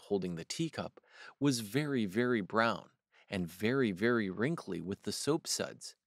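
A man hosting storytime, reading a children's picture book aloud with expressive, unhurried narration. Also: medium pitch, no echo, clean studio sound. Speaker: storytime host.

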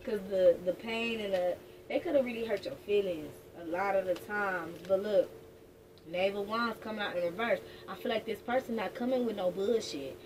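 A woman's voice: medium pitch, normal speed, a little mellow. Blunt, profane woman reading tarot. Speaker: tarot reader. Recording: distant mic with background noise.

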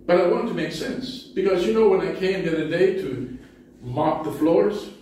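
A man's voice: sits high, normal speed, dark tone, slight background noise. Man preaching in a very echoey church. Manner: conversational storytelling, self-deprecating humor. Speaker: pastor. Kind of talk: sermon. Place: church sanctuary. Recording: very echoey hall, distant mic.

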